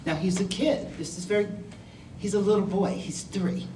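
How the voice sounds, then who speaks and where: Speaking briskly in a lowish voice with fairly even intonation, this older woman is a guest speaker sharing her life story with a school class, candid and wry in tone. Background noise is heavy, and the far-off mic makes the audio roomy.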